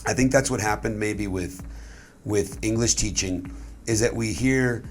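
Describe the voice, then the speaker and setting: A man's voice: fairly low pitch, a little slow, soft background music. Earnest male English teacher. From Alaska. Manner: earnest, explanatory. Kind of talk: casual interview.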